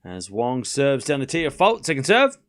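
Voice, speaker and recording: Hosting a live tennis stream, a man with a non-native English accent delivers play-by-play scoring in short bursts while responding to viewers in chat. His voice is mid-range at a normal speed, lifting with excitement on the big points.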